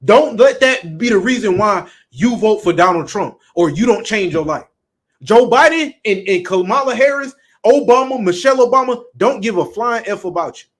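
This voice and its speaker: Blunt high-voiced Southern preacher man. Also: animated, normal speed. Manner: blunt, emphatic, profane. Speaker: street preacher. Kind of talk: preaching talk.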